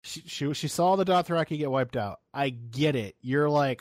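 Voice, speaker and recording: A man's voice: medium pitch, normal speed, dry recording, clean studio sound. A young man co-hosting a casual podcast chat, ranting animatedly with swearing and mock quotes. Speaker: podcast co-host.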